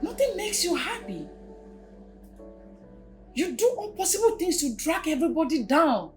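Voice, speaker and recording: A woman's voice: high voice, sing-song, moderate pace, darkish tone, faint music behind. A woman playing a frank scolding friend. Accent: Nigerian. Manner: scolding, preachy. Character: frank young female friend, scolding and honest.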